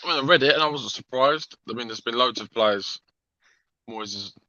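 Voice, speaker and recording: Bloke, sharp bright voice, swears a lot, flat dull recording. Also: male voice, mid-range voice, normal speed, dry recording. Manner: blunt, sweary, dismissive. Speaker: co-host. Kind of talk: casual football chat. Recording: dull, dry lo-fi audio.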